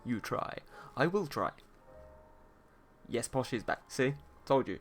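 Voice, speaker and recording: A man with a posh British accent chats casually to his stream viewers, joking and teasing as he gets ready to paint. His voice sits at a middling pitch, and quiet music plays faintly underneath. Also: animated, slow. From England. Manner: playful, teasing, chatty with viewers. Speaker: art streamer host. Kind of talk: casual livestream chat.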